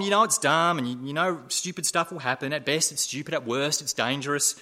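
A man preaching with a bright, forceful tone and a fairly high voice. He keeps repeating rhetorical questions and moves from loud emphasis to hushed, quiet asides. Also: fairly quick, hardly any pauses. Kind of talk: sermon.

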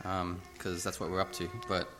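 A man's voice: sits low, monotone, moderate pace. A man giving a casual, self-deprecating sermon into a lectern microphone in a church. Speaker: lay preacher. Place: church hall.

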